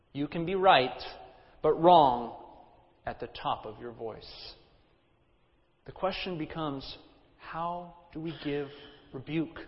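Male pastor, slightly raised pitch, relaxed storytelling sermon with wry asides, long room reverb, muffled sound. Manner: conversational and anecdotal, with humorous asides.

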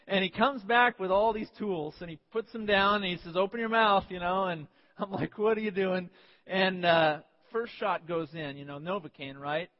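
Male pastor, high-pitched, animated storyteller, muffled sound with long hall reverb. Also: normal speed. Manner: animated, acts out scenes with sudden yelps. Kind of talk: sermon with personal storytelling. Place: church sanctuary.

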